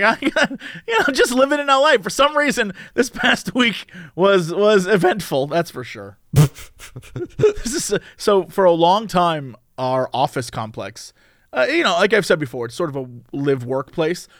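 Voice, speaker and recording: A high-pitched man tells a story in a casual podcast chat. His voice swings widely up and down as he narrates with lots of laughter, and the sound is dry and close. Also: dry recording. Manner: animated storyteller, laughs often. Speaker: podcast co-host. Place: lives in a live-work office complex in a city.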